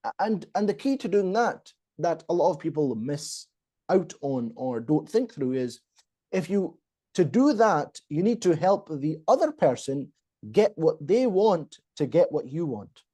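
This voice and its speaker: A man's voice: on the high side, sing-song, a little slow, dark tone. A man, a public speaking coach explaining techniques emphatically as a podcast guest. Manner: emphatic, explanatory, acts out examples. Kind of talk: conversational teaching on a podcast.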